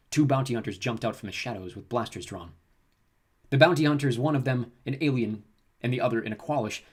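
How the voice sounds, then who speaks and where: Brisk husky male audiobook narrator. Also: medium pitch. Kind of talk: scripted narration.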